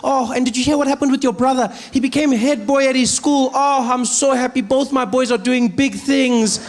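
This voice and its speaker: A man's voice: very high voice, fairly even intonation, normal speed, voice pushed up. A man voicing his mother, gushing and affectionate. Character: gushing, doting middle-aged mother.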